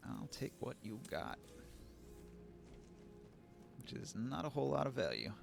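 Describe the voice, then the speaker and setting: A man's voice: mid-range voice, huge pitch swings, a little slow, vocal fry, over music. A man with a Pacific Northwest accent giving sardonic live commentary as he plays a game, swearing often. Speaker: game streamer.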